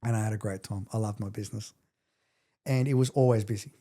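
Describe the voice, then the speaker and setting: Speaking fast in a fairly low voice, a middle-aged man on a podcast recounts an emotional story with intensity. He animates the retelling by acting out the quotes.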